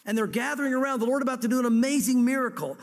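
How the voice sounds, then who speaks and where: Male pastor, high voice, lively storyteller, sermon recorded in a church hall with long reverb. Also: rapid-fire. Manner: lively storytelling, dramatizing scripture dialogue.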